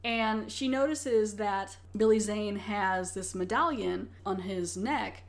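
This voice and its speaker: A woman's voice: mid-range voice, slow pace. Chatty woman retelling a plot. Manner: retells plot in detail, acting out lines. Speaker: podcast co-host. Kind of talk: casual film review chat. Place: home.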